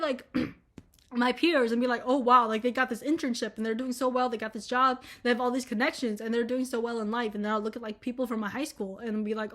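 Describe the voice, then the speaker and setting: In a loose vlog monologue, a young woman in college talks openly and crudely, rambling with lots of fillers. Her voice is a little high and has a slight brightness.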